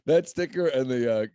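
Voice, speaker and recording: A man's voice: mid-range voice, mellow, no room sound. A middle-aged man hosting a casual chat about game picks, joking and laughing often. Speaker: podcast host.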